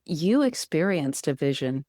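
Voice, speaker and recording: A woman's voice: low-pitched, very animated, measured pace, warm tone, no room sound, clean studio sound. A woman hosting a podcast interview, affirming her guest and asking reflective questions. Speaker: podcast host. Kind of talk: interview conversation.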